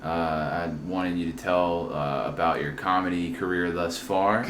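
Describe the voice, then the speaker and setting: A man hosts a casual comedy podcast in a very low, deep voice. He jokes around loosely, full of fillers and restarts, and the sound carries the echo of a room in a house with a faint hiss behind it. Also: fairly even intonation, a little slow, a bit bright. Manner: joking, with frequent filler words and restarts. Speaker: podcast host. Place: a friend's house.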